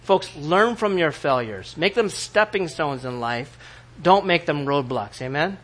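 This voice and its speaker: A man preaching a sermon as pastor, in an animated way, asking the congregation questions and acting out the voices of the people he quotes. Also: on the high side, unhurried.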